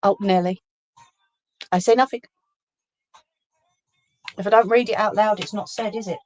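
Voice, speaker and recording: A woman's voice: medium pitch, fairly even intonation, moderate pace, dull audio. A woman hosting a live sewing stream, chatting casually, teasing her viewers and reading out their comments. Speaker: craft livestream host.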